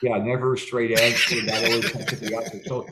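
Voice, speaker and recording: A man's voice: mid-range voice, little pitch movement, fast talker, very noisy. A man from Canada talking in a casual interview, rambling with many restarts and fillers and swearing bluntly. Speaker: guest.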